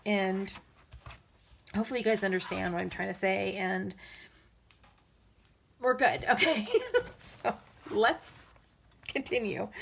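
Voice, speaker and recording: A woman's voice: mid-range voice, a bit bright, a little hiss or hum. A woman chatting casually while crafting, rambling with many fillers and restarts, getting emotional and breaking into laughs. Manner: emotional, laughing between words. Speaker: crafting vlogger.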